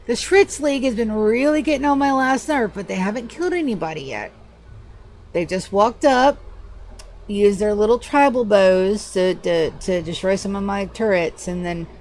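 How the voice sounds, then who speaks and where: A woman streaming a game live from home, chatting casually in a loose, profane, animated way at a desk microphone. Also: fairly low pitch, slight background noise. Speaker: livestreamer. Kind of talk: casual gaming livestream chat.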